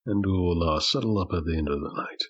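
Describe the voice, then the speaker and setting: A man's voice: low voice, a little fast, dull audio. A man playing a friendly tavern keeper.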